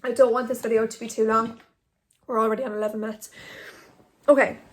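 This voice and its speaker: A woman's voice: a little high, little pitch movement, quick pace. A young woman, an Instagram blogger giving tips in a chatty, rambling vlog to a phone camera. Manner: chatty, rambling, filler-heavy. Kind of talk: casual talking-head vlog. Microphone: phone on ring light.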